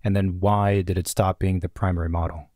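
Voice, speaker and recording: A male podcast host asking measured, hedging interview questions. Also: deep voice, little pitch movement, darkish tone, no echo, studio quality.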